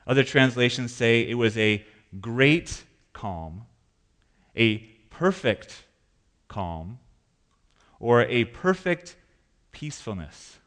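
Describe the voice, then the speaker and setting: A man preaching a sermon as pastor in a church, animated, acting out panicked voices. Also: medium pitch, takes it slowly.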